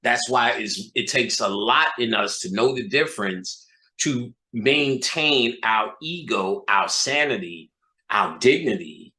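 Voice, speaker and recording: A man's voice: medium pitch, lively intonation, takes it slowly, bright, forceful tone. A man giving a freewheeling, profane lecture, emphatic and rhetorical, who keeps checking in with his listeners and repeats lines for punch. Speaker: occult lecturer. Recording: echoey room.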